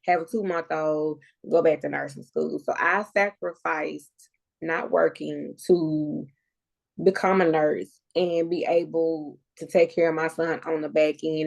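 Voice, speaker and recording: A woman with a low, gravelly voice speaks in an emotional, personal conversation. She is in her thirties and sounds close to tears as she opens up. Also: steady tone, unhurried, a little mellow. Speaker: podcast guest.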